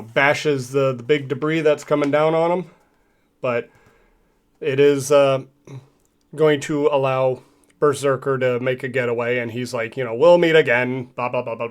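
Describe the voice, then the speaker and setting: A man recapping a comic in a casual, rambling way with many fillers. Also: mid-range voice. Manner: relaxed, rambling, filler-heavy. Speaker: comic reviewer.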